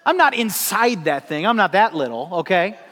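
A male pastor preaching with a fairly high voice and lively storytelling, breaking into laughing asides. His voice carries a long reverb. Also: normal speed. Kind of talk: sermon.

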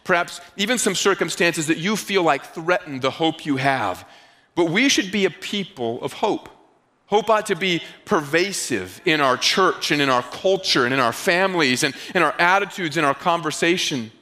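A man from the Northeastern United States preaching a sermon as pastor, animated and telling stories with acted-out dialogue. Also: fairly high pitch, normal speed.

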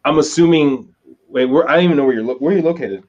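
A man hosts an interview and asks probing questions, with repeated stumbles while he works out each one. His voice is mid-pitched. It sounds dull and lo-fi. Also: fast, darkish tone. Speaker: interview host. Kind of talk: casual interview.

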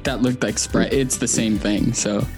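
Slow-talking, joking male co-host. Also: medium pitch, fairly even intonation, music in the background. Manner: joking, teasing. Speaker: podcast co-host. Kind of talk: casual podcast chat.

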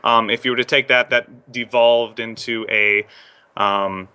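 A man's voice: medium pitch, fairly even intonation, measured pace, pushed and bright, clear, resonant tone. A young man, a former theme park performer and accent trainer, chatting casually with lots of fillers and restarts. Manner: rambling with many fillers and restarts. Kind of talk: casual interview chat.

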